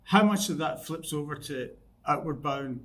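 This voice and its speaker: A man's voice: a little high, normal speed, fairly bright tone. A man hosting a business podcast, recalling discussions and asking the guest questions. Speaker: podcast host. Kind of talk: podcast conversation.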